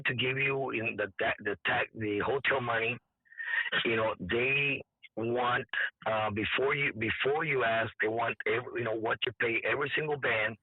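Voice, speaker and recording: A hoarse man, an event organizer telling a story in halting, repetitive speech, as if his voice is nearly gone. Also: mid-range voice, no echo. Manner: halting, repeats words, quotes others. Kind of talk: casual interview storytelling. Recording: dry tinny phone-like line.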